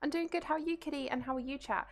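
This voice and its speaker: A woman's voice: sits high, rapid-fire, background noise. A young woman streaming a game live, chatting casually with her viewers, laughing and swearing as she plays from home. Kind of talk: casual live gameplay commentary.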